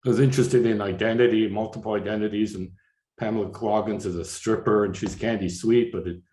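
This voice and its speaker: An older man from Canada walks an audience through his slides in a low voice, stopping and restarting often, his words padded with "uh" and "you know." The room is echoey, like a lecture hall. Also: steady tone, dark tone. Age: 60s. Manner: halting, many fillers and restarts. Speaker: artist giving a slide lecture.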